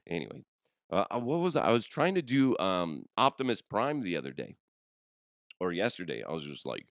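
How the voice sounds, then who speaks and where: A man hosts a casual comedy podcast, his voice rough from a cold. He swings all over in pitch and swears freely. The sound is close and dry. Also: moderate pace, no echo. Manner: animated, swearing, laughs a lot. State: hoarse from a cold. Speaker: podcast host.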